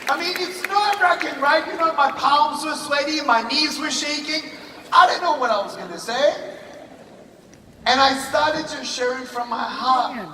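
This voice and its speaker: A man giving a storytelling motivational speech on a convention stage, animated and acting out dialogue. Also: very high voice, measured pace, a crowd in the background. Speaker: motivational speaker. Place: large convention hall stage. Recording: echoey hall from far off, noisy.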